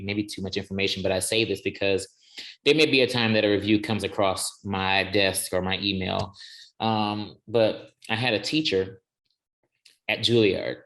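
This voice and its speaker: Man telling his story in a low, earnest voice. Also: a bit bright. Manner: earnest and emphatic, builds slow deliberate declarations; thinks aloud with restarts. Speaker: interview guest, countertenor singer. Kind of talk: reflective personal storytelling.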